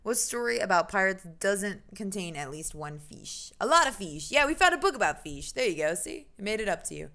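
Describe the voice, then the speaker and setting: A young American woman streams a game in a chatty, rambling voice. She reads the story text aloud, then drifts into self-deprecating asides, pitched right at the middle for a woman. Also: sing-song, fairly quick, few pauses, pushed and bright. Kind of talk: casual game commentary and reading aloud.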